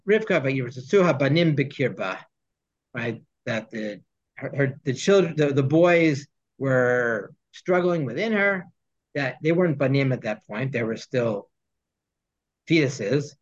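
A man's voice: medium pitch, animated, a little slow. Man teaching a text study class. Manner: explains Hebrew texts with English glosses and asides. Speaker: Torah teacher. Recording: dull lo-fi sound.

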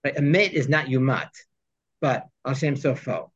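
A man's voice: medium pitch, lively intonation, normal speed, husky. Man teaching a text study class. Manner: explains Hebrew texts with English glosses and asides. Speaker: Torah teacher. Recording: dull lo-fi sound.

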